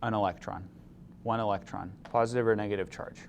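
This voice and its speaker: A man's voice: fairly low pitch, fairly even intonation, a little fast, creaky, slight background noise. A man teaching a chemistry lecture, explaining step by step and asking the class questions. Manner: asks the class questions, mildly opinionated. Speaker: chemistry instructor.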